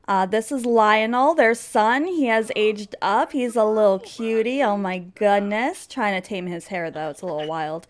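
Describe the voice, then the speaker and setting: Chatty woman narrating a game story. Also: medium pitch. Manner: chatty, rambling, giggly.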